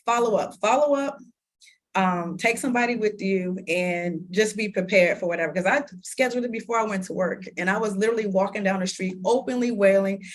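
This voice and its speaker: A woman in her thirties, an interview guest, telling a personal story in lively conversation, laughing often and acting out what people said. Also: medium pitch, quick pace, hardly any pauses. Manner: animated, laughs often, acts out quoted dialogue.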